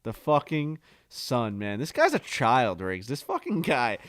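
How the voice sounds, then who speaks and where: A man's voice: medium pitch, huge pitch swings, unhurried, a bit bright, no echo, studio quality. A man co-hosting a podcast, telling stories in a rambling, profane, casual way. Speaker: podcast co-host. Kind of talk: casual chat.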